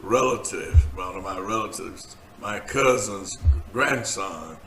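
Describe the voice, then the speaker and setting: Slow, bright-voiced preacher man hosting. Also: on the low side, echoey room. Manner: slow, laughing banter turning earnest and preachy. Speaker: host, preacher. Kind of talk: casual talk show chat. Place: studio set.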